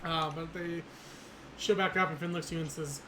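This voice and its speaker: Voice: mid-range voice, steady tone, normal speed, background noise. A game master running a tabletop game in a casual way, who laughs often and swears freely through loose banter.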